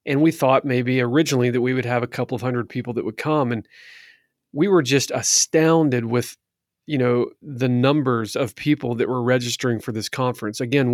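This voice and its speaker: A church elder, a man, giving an earnest, measured account that stacks up lists for emphasis. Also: medium pitch, no room sound, studio quality. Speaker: church elder and conference organizer. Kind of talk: reflective spoken account.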